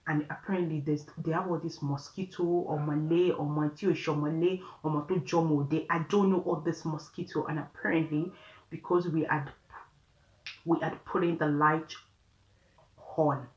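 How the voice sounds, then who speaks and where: A woman's voice: low-pitched, fairly even intonation, moderate pace, a little mellow. A woman with a Nigerian accent tells a story casually, chatty and often laughing as she talks straight to her viewers. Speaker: vlogger. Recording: roomy room echo.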